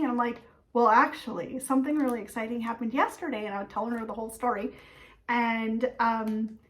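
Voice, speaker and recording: A woman's voice: a little high, lively intonation, moderate pace. A woman in her thirties hosting a stitching vlog, telling a story in a chatty way with many fillers and acted-out quotes. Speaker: flosstube host. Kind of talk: casual chat.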